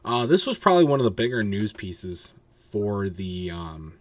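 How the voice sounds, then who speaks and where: This casual podcast host sounds tired, yawns, and rambles, dropping swear words freely and often beginning sentences again. His voice is lowish with big swings in pitch, delivered at a normal pace.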